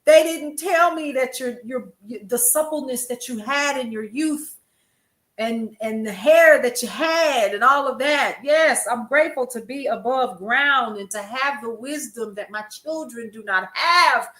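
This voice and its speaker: An older woman hosts a casual news stream from an echoey room. Her voice sits a little high, and she talks to her viewers in a chatty, laughing way. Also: unhurried, fairly bright tone. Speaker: host. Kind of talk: casual livestream news commentary.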